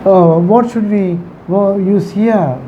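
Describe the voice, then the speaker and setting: Slow, repetitive teacher. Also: male voice, high voice, dark tone. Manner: slow and repetitive, stresses and repeats key words. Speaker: English teacher. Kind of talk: grammar lesson. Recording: slightly dull recording with faint traffic behind.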